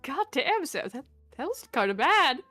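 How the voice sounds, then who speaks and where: A woman speaks in a high, lively voice on a casual stream chat, blunt and swearing freely. She laughs between remarks, her pitch bouncing around. Faint music plays behind her. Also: moderate pace. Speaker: stream guest.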